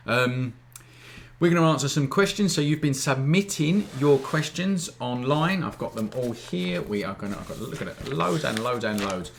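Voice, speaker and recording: With a fairly low voice and slight background noise, a man hosts a live photography Q&A. His relaxed, chatty teaching keeps checking in with viewers, often asking "all right?"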